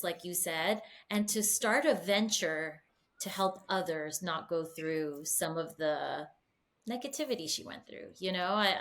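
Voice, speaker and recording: A woman co-hosting an interview podcast, chatty and warm-hearted. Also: fairly low pitch. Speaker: podcast co-host. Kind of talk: casual interview talk.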